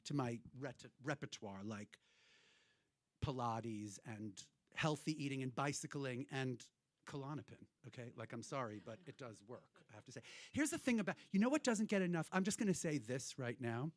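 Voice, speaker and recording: A man's voice: mid-range voice, lively intonation, moderate pace, no echo, clean studio sound. A man hosting a cabaret show, talking to the audience in rambling, irreverent stage banter, swearing freely. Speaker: cabaret host and performer. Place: hotel cabaret room.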